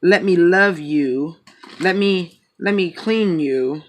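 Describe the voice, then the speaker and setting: A man's voice: sits high, slow pace, pitched above the performer's own voice. A man voicing his affectionate female pet cat, coaxing and soothing as she insists on giving love.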